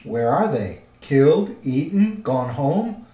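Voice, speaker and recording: Beorn, a gruff big man, read by a man. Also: a little high, very animated, slow pace, dark tone. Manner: growling, curt. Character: gruff, blunt big man, impatient host. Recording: roomy echo.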